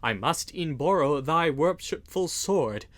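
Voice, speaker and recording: A man voicing a bold, loyal outlaw who speaks forcefully in an old-fashioned storybook. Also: a little high, expressive, unhurried. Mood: bold defiant.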